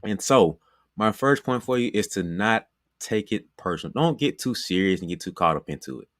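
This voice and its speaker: Deep-voiced male basketball trainer. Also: expressive, normal speed, fairly bright tone, no room sound, studio quality. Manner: conversational, repeats phrases, frequent "you know". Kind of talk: motivational coaching talk.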